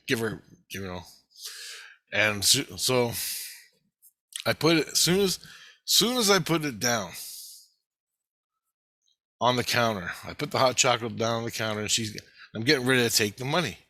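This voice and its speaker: A man's voice: medium pitch, bright, forceful tone, no room sound. A man casually telling a personal story, rambling and swearing as he goes. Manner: rambling, profane, repeating phrases.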